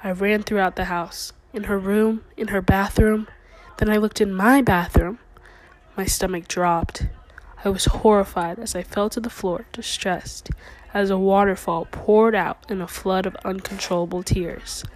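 A young woman reading her own first-person short story aloud with a quiet, slowed, dramatic delivery. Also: mid-range voice, steady tone, low-quality recording.

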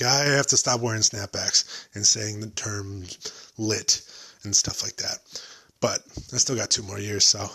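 A man in his late twenties hosting a solo podcast, rambling casually, self-deprecating and swearing freely. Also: medium pitch. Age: 20s. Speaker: podcast host.

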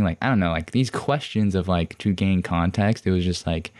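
A man's voice: low-pitched, moderate pace, hardly any pauses. A young man hosting a podcast, rambling through a personal story with many fillers and restarts, frustrated and defensive. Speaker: podcast host.

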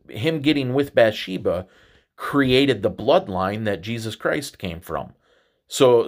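A man hosting a podcast, talking through a reflective religious monologue in a halting way, often restarting and repeating words. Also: on the low side. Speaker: podcast host.

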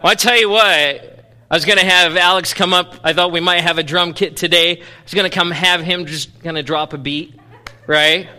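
A man preaching from the pulpit, his voice bright and forceful and set a little high for a man. He moves from loud, playful bursts down to low, intense passages. The sanctuary gives the voice a long, ringing reverb. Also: fairly even intonation, moderate pace. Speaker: pastor. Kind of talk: sermon. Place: church sanctuary.

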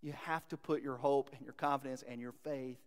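A middle-aged male pastor preaching a sermon, retelling scripture with animated storytelling that rises with emphasis. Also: mid-range voice, moderate pace. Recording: long reverb of a hall.

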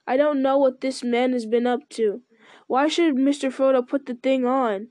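A woman's voice: high voice, fairly even intonation, normal speed, dark tone, no echo, close to an everyday voice. A woman voicing an earnest, plain-spoken male hobbit servant in a read-aloud story. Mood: anxious.

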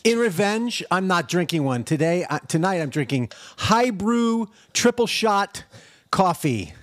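A man's voice: high-pitched, unhurried, dry recording. A man on a video call, a novelist guest chatting casually and jokingly in a podcast interview. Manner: friendly, joking, animated.

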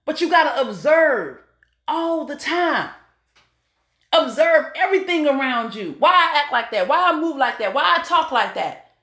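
A woman's voice: high-pitched, lively intonation, normal speed, a bit bright. A middle-aged woman giving a preachy motivational talk, calling out to listeners as y'all and honey. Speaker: motivational speaker.

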